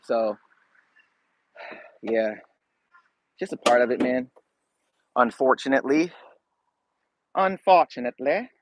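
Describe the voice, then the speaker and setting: A man's voice: on the low side, flat delivery, slow, pauses often, noisy background. A man hosting a casual livestream, chatting straight to viewers in a laid-back, slangy way. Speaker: YouTube reaction channel host.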